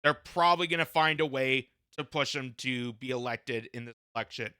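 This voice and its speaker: A man's voice: medium pitch, moderate pace, pushed and bright, clean tone, dry recording, clean studio sound. A man reads news excerpts aloud and breaks in with combative political commentary, often repeating phrases for emphasis.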